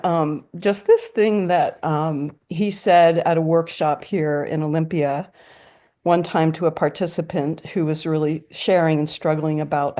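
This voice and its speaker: Brief: woman with a slow, dark-toned voice, sharing memorial stories over a video call. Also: deep voice. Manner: halting, warm storytelling with restarts. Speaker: friend giving a tribute. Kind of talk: memorial remembrance.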